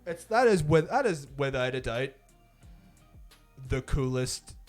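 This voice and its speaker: A man co-hosting a podcast in casual chat, animated and swearing, mocking people with put-on voices. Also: medium pitch, a little slow, faint music behind. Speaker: podcast co-host.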